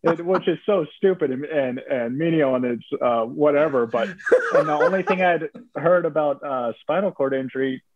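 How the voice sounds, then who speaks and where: A young man from Virginia telling a personal story in a casual interview, relaxed, with many fillers and restarts. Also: fairly high pitch, normal speed. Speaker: interview guest. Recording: tinny phone-like audio, dry.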